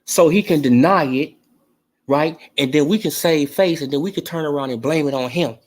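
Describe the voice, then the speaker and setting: This man has a fairly high voice and talks at a normal speed while hosting a casual boxing talk show. He answers his chat in an emphatic, slangy, fired-up way, cursing plenty as he shares his sports opinions.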